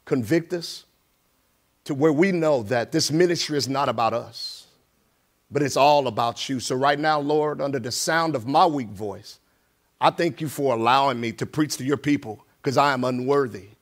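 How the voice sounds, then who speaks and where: A middle-aged man with a medium-pitched voice speaks at normal speed as a guest preacher in a church sanctuary. His sermon includes prayer and scripture reading, and his plain, conversational tone becomes more emphatic once he reads from scripture.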